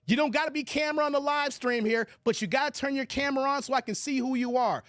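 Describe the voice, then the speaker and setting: A male live stream host, talking casually and greeting his chat by name. His delivery is animated and loose, with quick laughs and emphatic runs. The sound is dry and close, with no room around it. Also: very high voice, no room sound. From United States.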